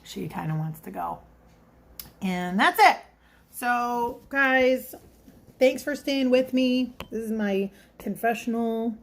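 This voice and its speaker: Woman vlogger, middle-aged, slightly high voice, loose chatty confessional delivery. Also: takes it slowly. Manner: chatty, rambling storyteller. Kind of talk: casual confessional vlog.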